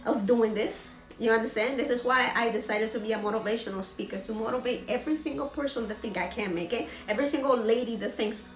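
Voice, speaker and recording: A woman's voice: on the high side, fast, hardly any pauses, echoey room. A woman vlogger giving an emotional motivational talk. She is earnest and preachy and repeats phrases for emphasis.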